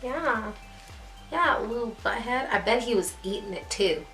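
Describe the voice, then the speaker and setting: A woman's voice: a little high, expressive, normal speed, fairly bright tone. A young adult woman chatting casually to camera as a beauty vlogger, rambling and laughing at herself. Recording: echoey room with faint music.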